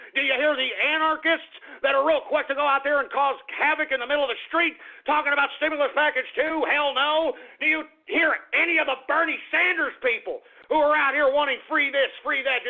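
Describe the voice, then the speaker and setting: A man hosting an internet radio show, ranting angrily about politics, shouting and swearing, then reading out listener shout-outs. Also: extremely high pitch, gravelly. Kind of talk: heated political talk radio rant. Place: home office. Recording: tinny phone-like internet radio audio.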